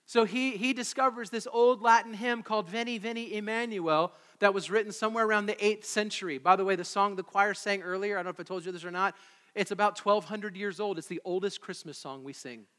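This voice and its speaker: A man with a high, bright voice preaches a sermon in a church sanctuary, brisk and full of excitable, animated energy. His words carry a long reverb from the hall, and he sounds like a pastor growing more eager as he goes.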